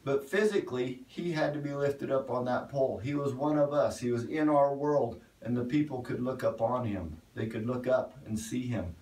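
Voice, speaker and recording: Folksy cowboy preacher, echoey room. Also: male voice, mid-range voice, normal speed, few pauses, a little mellow, far from the mic. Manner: folksy, conversational, cowboy turns of phrase. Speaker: pastor. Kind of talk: folksy online sermon.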